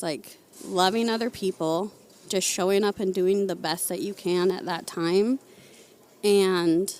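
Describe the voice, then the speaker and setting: Candid middle-aged woman, mid-pitched, warm personal storytelling as an interview guest. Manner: heartfelt and candid. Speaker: senior living administrator.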